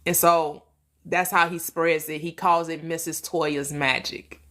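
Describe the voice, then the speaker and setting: Slow, bright-voiced woman chatting live. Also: deep voice, level tone. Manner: slow, halting speech with many restarts and fillers; emotional, heartfelt storytelling. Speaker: host of a manifestation channel. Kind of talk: casual live-stream chat.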